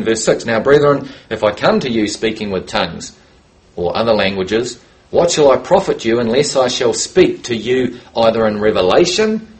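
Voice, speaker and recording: A man delivers a sermon at a medium pitch, reading scripture passages aloud. He lingers on key words and lifts his voice for emphasis. His pacing is deliberate and teaching in tone. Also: rough recording. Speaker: preacher.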